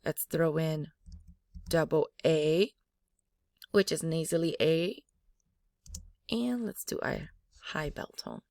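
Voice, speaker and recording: Woman teaching a language, says syllables over and over, lowish voice, no room echo. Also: expressive, creaky, a little mellow, clean studio sound. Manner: demonstrates sounds slowly, repeating syllables. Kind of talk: pronunciation lesson.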